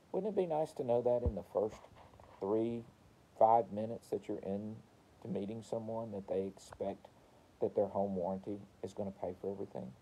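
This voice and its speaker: A man's voice: on the low side, a little fast, slightly rough, phone-quality sound. A man coaching service technicians in a casual training talk, repeating key phrases and acting out customer conversations. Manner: repeats phrases, role-plays customer dialogue.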